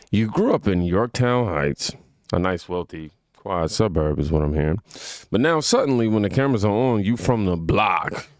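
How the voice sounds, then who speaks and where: Guy doing political reaction vids, slangy and mocking, pitch jumping all over, dry close sound. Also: no room sound. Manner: animated, slangy, mocking asides to viewers. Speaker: reaction channel host. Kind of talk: casual political reaction commentary.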